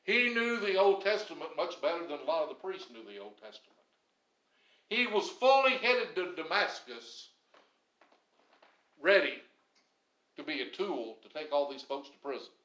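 A man's voice: sing-song, moderate pace, pauses often. Emphatic preacher man, roomy echo. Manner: emphatic, swings between loud stresses and low quiet phrases. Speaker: pastor. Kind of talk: sermon.

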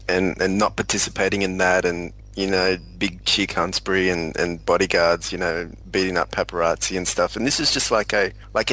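A man's voice: sits low, pushed and bright, low-quality recording. A man in a casual music discussion, earnest and explanatory, with many likes and you knows. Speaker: podcast panelist.

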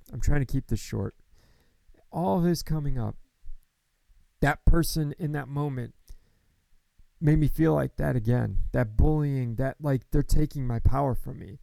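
A man in his thirties talks straight to the camera in a frank, worked-up monologue, swearing freely. His voice is gravelly and mellow, pitched a little above the usual for a man. The sound is dry and close. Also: dry recording, low-quality recording. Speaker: vlogger. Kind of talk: candid personal monologue.

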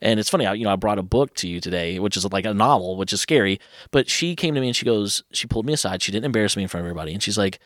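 A man in his thirties, a guest telling personal stories in a lively, casual way, acting out what others said. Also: fairly low pitch, no echo, clean studio sound. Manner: animated, quotes others in quick asides. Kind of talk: casual storytelling.

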